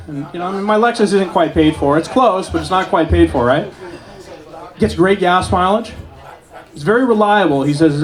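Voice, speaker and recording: A man in his late forties performing a stand-up set at an open mic, telling stories in a deadpan way with self-aware asides. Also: high-pitched, normal speed. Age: 40s. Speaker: stand-up comedian. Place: small club stage with live audience.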